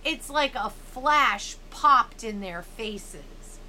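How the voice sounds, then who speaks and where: Bright-voiced woman reading a novel aloud. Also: fairly high pitch, lively intonation, very slow, slight background noise. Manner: breaks off reading to explain and sum up the story; lifts her voice for characters' dialogue. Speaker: reader of a middle-grade novel.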